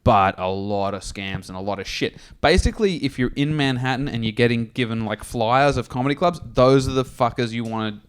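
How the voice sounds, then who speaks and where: Profane rambling podcast host. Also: male voice, mid-range voice, a little fast, few pauses, clear, resonant tone. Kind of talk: casual comedy podcast chat.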